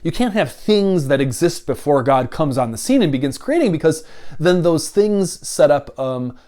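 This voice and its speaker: A man's voice: a little high, animated, moderate pace, dark tone. A seminary professor giving a video lecture, explaining carefully and earnestly, often correcting and restating himself as he goes.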